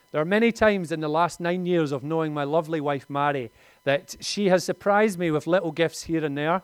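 A man's voice: fairly high pitch, brisk, few pauses, clean tone, dry recording. A man, preaching a conversational sermon in a lightly humorous tone.

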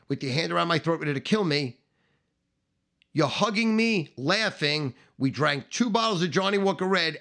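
A middle-aged man with a gravelly, fry-laden voice and a bright, forceful edge, telling a profane and boastful story. He swaggers, hammers his points and builds through repeated phrases. His voice sits a little higher than most men's.

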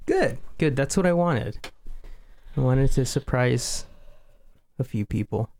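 Man, radio co-host, casual chat, joking, self-mocking, mid-pitched voice. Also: animated, slow, a little mellow.

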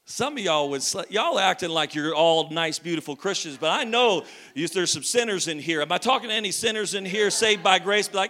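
Man, preacher, high voice, lively storytelling, shouts at times. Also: a little fast. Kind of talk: sermon.

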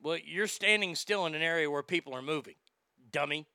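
A man's voice: fairly high pitch, a little fast, sharp tone, clean tone, no echo, clean studio sound. A man hosting a talk show, ranting bluntly and sarcastically with plenty of profanity, and reading listener comments aloud. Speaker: radio talk show host.

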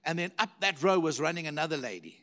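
Man, preacher, sermon, lively storytelling, repeats phrases, slightly high voice. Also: fast, a little hiss or hum. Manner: animated, repeats words for emphasis.

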